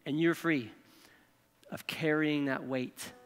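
Male pastor giving a sermon, kinda high bright voice, chatty, long hall echo. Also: steady tone, slow, clean tone. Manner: conversational preaching, frequent "okay?" and "right?" asides.

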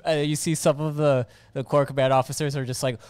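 A man's voice: a little high, level tone, a little fast, a little mellow, clean tone. A young man narrating a tabletop role-play as game master, often breaking into laughter.

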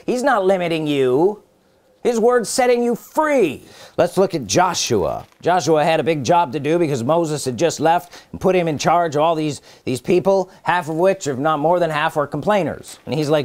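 A man preaching a sermon, stressing and repeating key phrases, asking the listeners questions, and reading scripture in older formal wording. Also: sits high.

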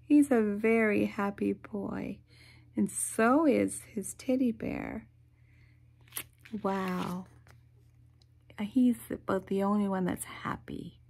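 Slow animated storytelling woman. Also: medium pitch, gravelly. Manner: animated, with sound effects and soft whispered asides. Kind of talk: reading a picture book aloud to children.

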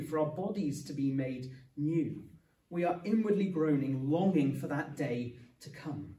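A man's voice: mid-range voice, warm tone. A man preaching an evening sermon, earnest and explanatory, with touches of light humour. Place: church hall. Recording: echoey church room from a distance.

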